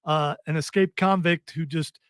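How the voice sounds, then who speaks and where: A man's voice: a little high, steady tone, normal speed, fairly bright tone, clean tone, no echo. A man hosting a casual pop culture podcast who steers the topics and poses questions conversationally. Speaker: podcast host.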